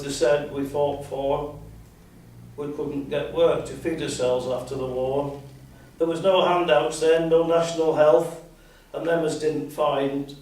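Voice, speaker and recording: A man's voice: on the high side, darkish tone. An older man from Scotland, reading his own rhyming poems at an open mic, with hesitant, rambling chat between them. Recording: very echoey room, mic at a distance, faint noise.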